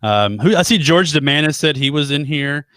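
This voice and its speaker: A man's voice: a little high, expressive, moderate pace, fairly bright tone, clear, resonant tone, no room sound. A man hosting a casual live web show, rambling and joking about himself as he chats with his co-host. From United States. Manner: chatty, rambling, self-deprecating jokes. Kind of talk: casual live-stream chat.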